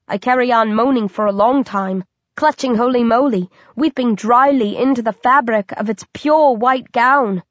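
A woman narrating a first-person horror audiobook with a dramatic, expressive delivery and a fairly high voice. The sound is dull and lo-fi, close and dry with no room echo. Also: moderate pace.

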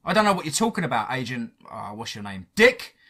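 A man's voice: medium pitch, very animated, fairly quick, pushed and bright, breathy edge, full character voice. A man voicing an angry, defiant young man, cornered in a horror story. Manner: defiant, heated.

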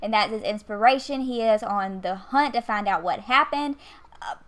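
A woman in her 20s, a gaming YouTuber, chats casually into a USB desk mic while playing a life-sim game. Her voice is medium-pitched and fairly bright, at a normal speed. She scolds the characters with exasperated asides.

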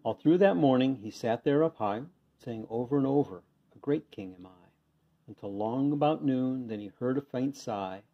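Guy reading a children's book aloud, lively, muffled lo-fi recording. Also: mid-range voice, normal speed, hardly any pauses. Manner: lively, expressive storytelling. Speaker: reader. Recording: dull lo-fi sound.

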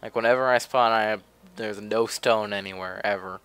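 A young man in casual gameplay commentary, chatty and offhand, close on a desk mic. His voice is bright and smooth, a bit low, and faint music sits underneath. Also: steady tone, moderate pace. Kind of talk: casual let's play commentary.

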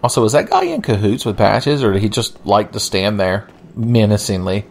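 A man's voice: lowish voice, very animated, moderate pace, darkish tone, a little hiss or hum. A young man giving sardonic, profane, rambling gameplay commentary. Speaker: let's play commentator.

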